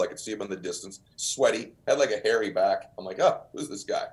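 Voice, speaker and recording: A man with a deep voice, a guest on a podcast, telling stories in an emphatic, earnest way. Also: fast, few pauses. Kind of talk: storytelling in an interview.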